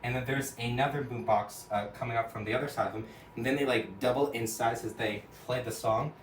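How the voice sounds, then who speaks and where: A man's voice: mid-range voice, fairly even intonation, fairly quick, a little hiss or hum. A man casually retelling a cartoon episode scene by scene, rambling with lots of "and then" and "like". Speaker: storyteller. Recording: echoey room, from a distance.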